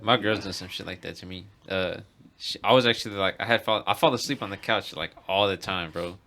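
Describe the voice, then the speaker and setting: A man's voice: low-pitched, fairly quick, bright, forceful tone. A man co-hosting a podcast, laid-back and laughing as he tells a story in a casual chat. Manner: laid-back, laughing, says bro a lot. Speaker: podcast co-host.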